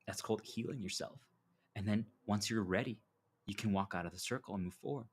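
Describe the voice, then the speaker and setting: A man's voice: on the low side, a little fast, husky. A man delivering a preachy motivational monologue as a self-styled spiritual guide, telling stories and acting out dialogue. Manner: preachy, animated storytelling with acted dialogue.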